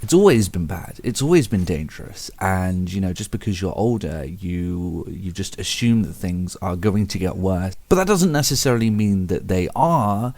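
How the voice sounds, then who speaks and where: A man's voice: deep voice, lively intonation, normal speed, hardly any pauses, darkish tone, no echo. A man hosting a casual video about a favorite book, rambling with many fillers and restarts and laughing at himself. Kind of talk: casual spoken book commentary.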